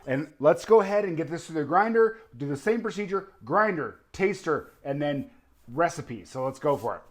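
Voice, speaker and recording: An upbeat man walks through a home cooking demonstration, his voice pitched a little high for a man. He sounds eager and chatty as he tastes and explains each step. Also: animated, normal speed, a little hiss or hum. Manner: enthusiastic, talks while tasting and cooking. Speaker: cooking show host.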